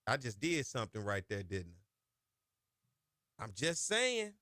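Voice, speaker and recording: A man hosting a sports talk radio show, chatting casually in folksy slang and getting loud and high when he hypes a point. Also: huge pitch swings, measured pace, no echo, studio quality. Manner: folksy Southern slang, chatty asides to his producer. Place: radio studio. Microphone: studio microphone.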